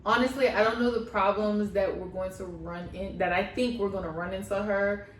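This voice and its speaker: A woman co-hosting a casual reality-show recap, gossipy and animated, acting out what people said. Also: medium pitch, brisk, far from the mic, slight background noise. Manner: animated, gossipy, acts out other people's lines. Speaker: co-host of a couple's reaction channel. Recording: echoey room, voice a bit off-mic.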